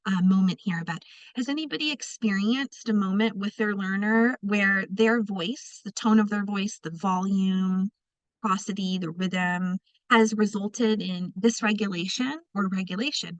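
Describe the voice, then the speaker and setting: A woman's voice: medium pitch, dry recording, rough recording. A woman presenting an online training session, speaking conversationally and addressing participants directly. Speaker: presenter of a teacher training webinar.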